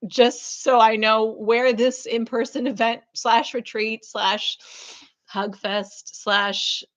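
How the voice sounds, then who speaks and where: A fairly high-voiced woman talks warmly and effusively to her live-stream viewers from her room, her chat loaded with ums and soft asides. The audio is dull and lo-fi, like a muffled online stream. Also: level tone, takes it slowly. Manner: warm, effusive, chatty with many fillers. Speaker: spiritual business coach hosting a live reading.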